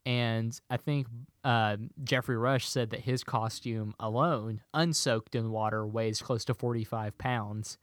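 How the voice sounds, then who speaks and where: A man's voice: mid-range voice, steady tone, unhurried, dry recording, studio quality. A man co-hosting a casual movie podcast, chatting playfully and quizzing his co-host. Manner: playful, quizzing with a hammy pirate delivery.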